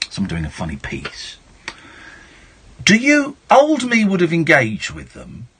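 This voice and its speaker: A middle-aged man hosting a late-night phone-in radio show, switching from shouty mock outrage to soft reflection. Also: medium pitch, husky. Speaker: radio talk show host.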